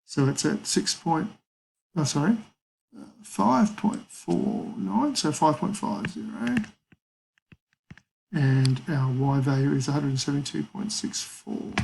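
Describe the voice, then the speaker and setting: A man's voice: a little high, unhurried, vocal fry, darkish tone, slight background noise, low-quality recording. A man teaching a maths lesson, talking casually through calculator steps and thinking aloud. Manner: casual, thinks aloud with fillers and small apologies.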